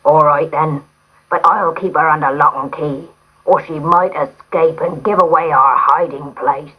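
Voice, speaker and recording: A woman voicing a gruff, scowling robber chief in a storybook reading, speaking in a grudging way. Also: sits low, fairly even intonation, measured pace, highs cut off.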